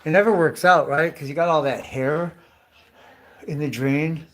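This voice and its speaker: Against a noisy background, a man in his fifties speaks in an unhurried, higher-pitched voice. His comic monologue wanders, with free swearing, plenty of rhetorical questions, and constant use of dude and bro.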